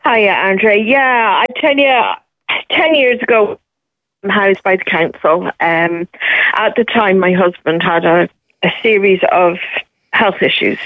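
A middle-aged woman talks through a tinny, dry phone line into a radio show. She is steady and matter-of-fact, stopping now and then with an um. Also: mid-range voice, measured pace, no echo. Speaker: caller.

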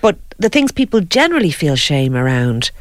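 High-voiced man musing thoughtfully. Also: sing-song, dry recording, clean studio sound. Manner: thoughtful, measured, explains ideas. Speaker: podcast host. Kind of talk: reflective conversation.

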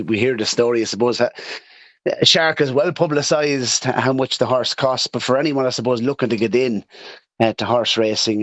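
A man's voice: medium pitch, fairly bright tone, dry recording. An Irish man speaking as a guest by phone on a radio sports show, hesitant with many restarts. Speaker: guest on the line. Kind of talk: casual radio interview. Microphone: phone line. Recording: dull phone-line guest audio.

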